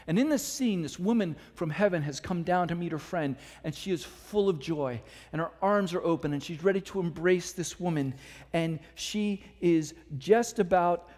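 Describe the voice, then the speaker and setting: A man preaching a sermon as a storyteller, dropping to a low, intimate hush for emphasis. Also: normal speed. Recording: reverberant hall.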